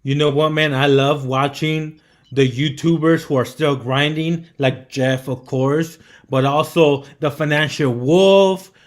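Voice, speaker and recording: A young man, the guest on a live stream, telling animated stories in casual chat, often saying bro and man. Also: a little high, measured pace. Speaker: guest entrepreneur.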